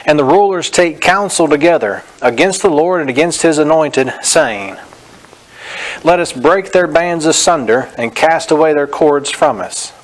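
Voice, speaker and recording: A man preaching a Bible-teaching sermon, reading scripture slowly and stressing each phrase, then correcting common beliefs in a direct, plain way. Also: on the high side, poor audio. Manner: direct, corrective, frequent "notice". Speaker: pastor.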